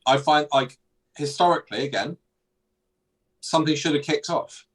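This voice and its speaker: A man's voice: a little high, normal speed, breathy edge, poor audio. A man hosting a podcast, chatting casually about politics and often restarting his thoughts. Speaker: podcast host.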